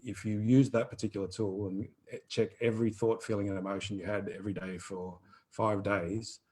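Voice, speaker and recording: A man's voice: fairly low pitch, normal speed, slightly rough, rough recording. A man around fifty, chatting casually and rambling animatedly as he answers listener questions in a live Q&A. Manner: rambling, animated, earthy wording.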